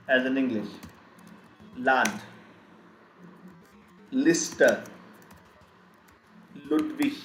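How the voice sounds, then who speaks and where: Slow, repetitive man teaching pronunciation. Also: mid-range voice, a bit bright. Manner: slow, repeats each sound several times. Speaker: German teacher. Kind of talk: live online language lesson. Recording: echoey room, faint keyboard typing.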